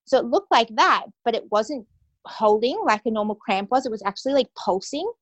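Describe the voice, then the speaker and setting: A woman's voice: a little high, expressive, brisk, dry recording, dull audio. A young adult woman telling a personal story as an interview guest, casual and full of "like" and "you know". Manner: casual, heavy use of "like" and "you know" fillers.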